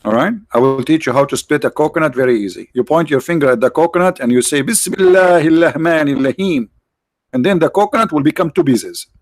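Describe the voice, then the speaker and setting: A man's voice: mid-range voice, lively intonation, quick pace, few pauses, no echo. A man hosting a livestream, giving mocking, sarcastic religious debate commentary in broken English. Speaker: livestream host.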